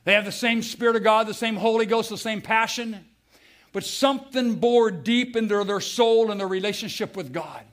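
A middle-aged American man preaching a sermon, telling stories with feeling and swinging from loud to hushed. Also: high voice, normal speed. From United States. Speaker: pastor.

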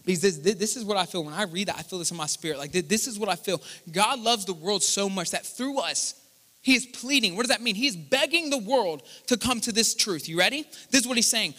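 A man's voice: high-pitched, lively intonation, brisk, sharp tone. A man preaching a live sermon as pastor, talking to the congregation and rising into impassioned declarations. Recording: live church hall with long reverb.

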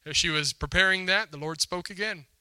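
A man's voice: sits high, fairly quick, bright, forceful tone, smooth, no echo. A man preaching a sermon as a pastor, telling a story in a conversational, emphatic way and acting out the quotes. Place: church hall before a congregation.

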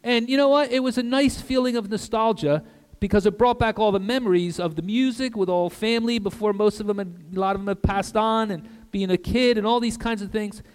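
With a high-pitched, smooth voice at a slightly fast pace, an older man preaches as a guest pastor in a church sanctuary. The recording carries the hall's long reverb, and his sermon is earnest, dotted with asides and soft drops in volume to stress points.

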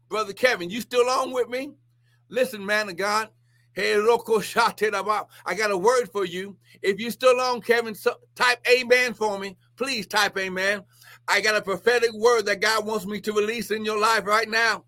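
A man preaching prophetically on a live stream, exclaiming often and swinging between shouts and hushed asides. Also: sits high, measured pace.

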